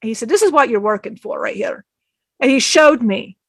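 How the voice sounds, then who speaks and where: A woman's voice: a little high, expressive, moderate pace, fairly bright tone, no room sound. A woman channeling a spirit, telling an emotional personal story in a rambling way, often acting out what others said and laughing.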